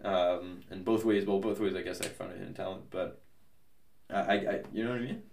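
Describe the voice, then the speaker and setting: A man's voice: deep voice, fairly even intonation, fairly quick, gravelly, a little mellow, echoey room, far from the mic. A young man as a podcast guest, chatting casually in a rambling, hesitant way with many fillers and restarts. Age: young adult. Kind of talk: casual interview chat.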